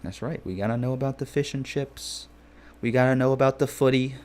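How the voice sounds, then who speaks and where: Brief: a young male streamer with a mid-pitched voice, casual and rambling, joking while he reads chat. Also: a little fast, darkish tone.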